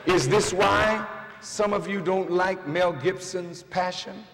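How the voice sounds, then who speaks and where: Slow, high-voiced man preaching in an arena. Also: vocal fry, a little hiss or hum. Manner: dramatic swings between shouting and hushed storytelling. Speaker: minister. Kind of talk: fiery sermon to a large crowd. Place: large indoor arena. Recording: long reverb of a large arena.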